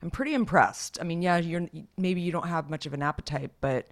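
A woman in casual conversation, a supportive listener who laughs often and adds quick asides. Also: fairly low pitch. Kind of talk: casual chat.

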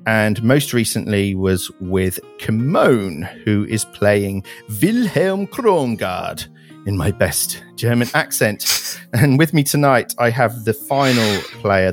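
A man in his late thirties hosting a tabletop gaming podcast in casual, chatty talk. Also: medium pitch. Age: late 30s. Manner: chatty, animated, laughs easily. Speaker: podcast host and game master. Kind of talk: casual chat.

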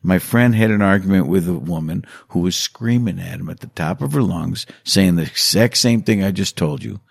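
A middle-aged man being interviewed, telling stories in a casual, animated way and acting out quotes with big jumps in voice. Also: low-pitched, normal speed, creaky, slightly rough, no echo, clean studio sound. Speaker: hunter and hunting instructor, interview guest.

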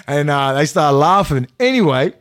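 A man's voice: on the high side, very animated, normal speed, a bit bright, no room sound, clean studio sound. A man co-hosting a podcast, telling stories in a casual way, swearing, restarting sentences and acting out quotes. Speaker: podcast co-host. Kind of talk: casual storytelling chat.

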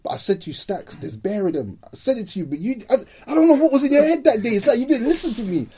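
A young man with a London accent, telling a story in casual chat and acting out the quoted shouts. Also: very high-pitched, rapid-fire, slight background noise. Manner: animated, acts out shouted quotes.

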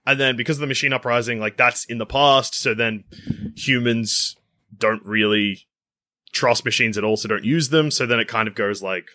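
A man's voice: mid-range voice, normal speed, pushed and bright, no room sound. A man co-hosting a casual gaming podcast, rambling and jokey as he describes a game. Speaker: podcast co-host. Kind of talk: casual chat.

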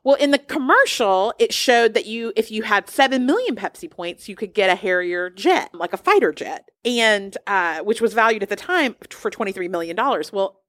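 Woman podcast co-host, mid pitch, lively storytelling, dry close mic. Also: dry recording. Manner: animated, chatty storyteller. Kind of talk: casual pop-culture chat.

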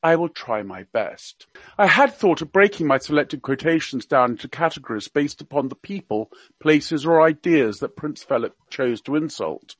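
A man with a light received pronunciation accent reads a scripted comic piece in a dry, wry, measured way. His voice sits a little high and moves widely in pitch. The sound is dull and dry, with almost no room. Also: expressive, fairly bright tone, husky, no room sound. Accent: slight received pronunciation. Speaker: guest commentator. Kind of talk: scripted humorous radio piece.

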